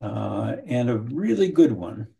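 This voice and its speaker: A man teaching counseling skills in an online training session, speaking in a measured way, often repeating his first words and briefly acting out what a client and a counselor might say. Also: medium pitch, big pitch swings, creaky, mellow. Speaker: trainer teaching motivational interviewing. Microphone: video call.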